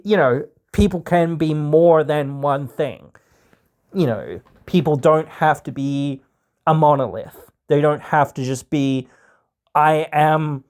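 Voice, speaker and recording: With a slightly high voice and a darkish tone, an Australian man hosts a podcast in a loose, chatty way. He wanders off topic, uses heavy fillers and does mock voices to send up stereotypes.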